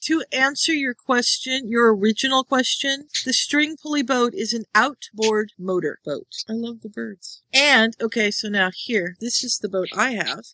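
Bright, matter-of-fact woman chatting. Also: fairly high pitch, normal speed, few pauses, no room sound, rough recording. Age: 40s or older. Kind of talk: casual chat.

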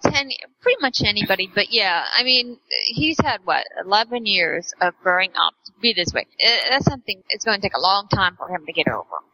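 Lively bright-voiced woman chiming in. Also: mid-range voice, no echo, dull audio. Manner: chimes in with quick reactions and jokes. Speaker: podcast co-host. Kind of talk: casual chat.

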